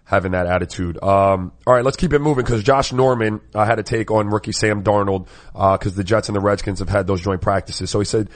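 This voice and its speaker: Low-voiced male sports talk co-host. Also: a little fast, few pauses. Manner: conversational, moves the segments along. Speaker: co-host, former basketball player.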